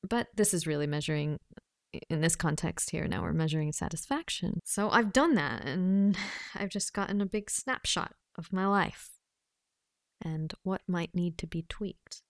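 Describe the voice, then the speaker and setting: A woman's voice: lowish voice, normal speed, no echo, clean studio sound. A woman, a personal coach, talking casually to the camera, reading questions aloud and thinking through her answers with frequent laughs and asides.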